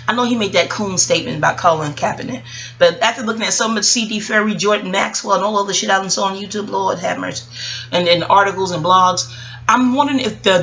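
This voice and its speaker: A woman giving a casual, rambling recap of a TV show. She is profane, animated and keeps digressing. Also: mid-range voice, poor audio. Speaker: YouTube TV reviewer.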